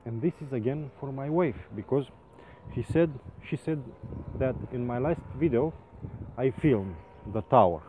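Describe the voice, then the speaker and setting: A man tells a story slowly in halting English, stumbling and restarting as he exaggerates for laughs. His voice comes through thin and phone-like. A faint hiss sits under it. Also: medium pitch. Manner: animated, comically exaggerated telling. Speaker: rope access painter. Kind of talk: casual storytelling vlog. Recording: phone-like sound with faint noise.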